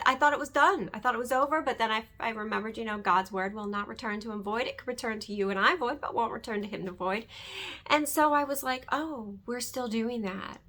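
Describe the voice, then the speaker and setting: A woman's voice: medium pitch, sharp tone. A middle-aged woman earnestly talking about her faith and fear, often checking in with "right?". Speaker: host. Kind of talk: faith-centered personal testimony.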